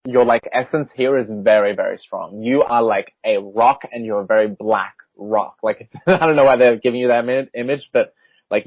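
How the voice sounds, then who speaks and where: A young Australian man in his twenties acts as a spiritual guide, giving a casual reading and laughing between phrases. His voice is lowish, with no echo, but the call audio is muffled and lo-fi.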